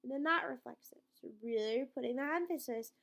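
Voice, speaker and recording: A woman teaching a Spanish grammar lesson, explaining step by step and slowing down to spell out each word, often checking in with "right?" and "okay?". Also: high-pitched, vocal fry, fairly bright tone.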